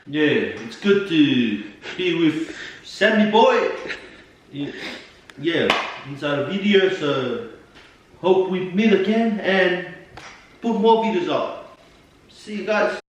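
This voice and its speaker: A man talking relaxed and friendly to his viewers in a casual vlog at an outdoor rugby game. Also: high voice, slow, pauses often, heavy reverb, rough recording. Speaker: vlogger. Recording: loud wind noise outdoors.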